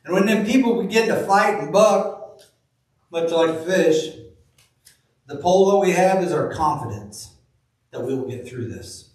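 A man preaching a sermon in a church, reading scripture slowly and telling folksy stories. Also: high voice, animated, darkish tone. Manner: folksy storytelling, slow deliberate reading of scripture. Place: church sanctuary. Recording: very echoey room, from far off.

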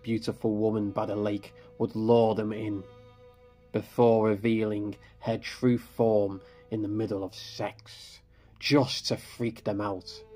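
A man narrating a scripted horror story in a grave, measured manner. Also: lowish voice, a little mellow. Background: faint background music.

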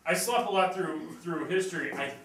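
A man's voice: fairly high pitch, moderate pace, a bit bright. A man cracking dry jokes in an improv comedy scene. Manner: dry, wisecracking. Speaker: improv performer. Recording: echoey stage from far off.

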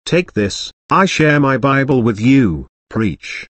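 A woman voicing an anguished male pastor trapped in hell, in a deep, strained, pleading voice. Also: animated, slow pace, no room sound, exaggerated voice. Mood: preaching. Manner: desperate, begging and preaching.

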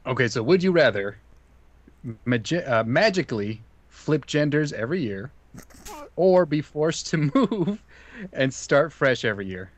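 Male co-host, goofy deadpan banter, dry close sound. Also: medium pitch, measured pace, no room sound. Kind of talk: casual chat.

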